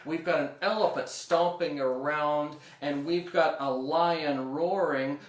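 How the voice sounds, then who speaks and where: Upbeat man teaching kids music. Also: a little high. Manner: upbeat, talks to kids, leads call-and-response. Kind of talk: children's music lesson. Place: room at home. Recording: echoey room.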